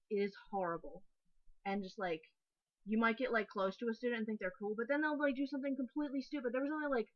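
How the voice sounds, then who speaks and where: A woman's voice: medium pitch, a bit bright, no echo. A young woman giving a casual, rambling spoken review, full of "like" fillers and frustrated ranting. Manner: chatty, frequent "like" fillers, ranting. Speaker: anime reviewer. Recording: dull lo-fi webcam audio, dry.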